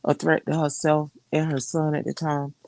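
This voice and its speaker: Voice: medium pitch, completely flat delivery, moderate pace, gravelly, darkish tone. A guest in a casual livestream chat, speaking bluntly and matter-of-fact.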